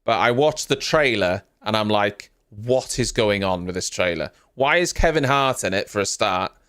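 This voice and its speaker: A man's voice: fairly low pitch, animated, moderate pace, a bit bright, clean tone. A man hosting a live stream, giving casual, rambling reaction commentary and often poking fun at himself. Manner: rambling, self-mocking, chatty.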